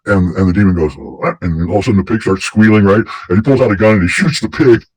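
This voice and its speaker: A man's voice: lowish voice, very fast, darkish tone, husky, no room sound, rough recording. A man hosting a casual talk show, telling stories in a rambling way with many restarts. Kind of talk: casual conversation.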